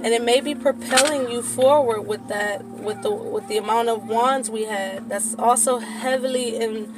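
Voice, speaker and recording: A high-pitched woman talks through a tarot reading in a casual, swearing way that turns into impassioned preaching. Music plays clearly behind her voice. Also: normal speed. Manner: profane, casual. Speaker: tarot reader.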